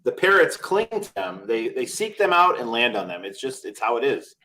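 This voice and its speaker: A man co-hosting a casual chat show, joking and acting out quick little voices as he talks. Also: mid-range voice. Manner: animated, jokey, acts out little quoted voices. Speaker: podcast co-host.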